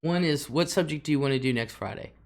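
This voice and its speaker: Speaking fast in a low voice, this middle-aged woman hosts a relaxed livestream. She reads viewer comments, chats, laughs a lot and drags out some of her words.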